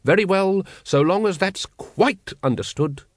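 A man's voice: high voice, animated, measured pace, no echo, clean studio sound, pitched above the performer's own voice. A man voicing a pompous, impatient male cult leader who blusters and snaps sarcastically. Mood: exasperated.

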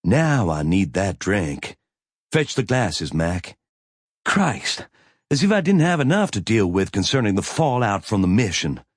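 A man's voice: on the low side, big pitch swings, a little slow, breathy edge, no echo, studio quality, full character voice. A man reading an audiobook, voicing a weary female ship captain who speaks bluntly and with command.

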